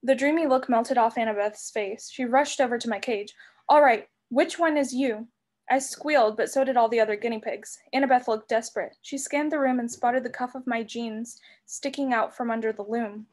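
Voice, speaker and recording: Woman reading a novel aloud, fairly high. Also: fairly quick, few pauses. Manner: expressive storybook reading. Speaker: reader.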